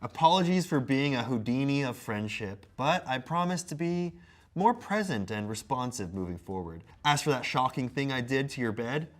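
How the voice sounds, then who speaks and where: Guy reading a goofy letter out loud, hams it up, pitch bouncing all over. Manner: theatrical, breaks into amused laughter at asides. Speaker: co-host. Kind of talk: comedic reading of a letter aloud.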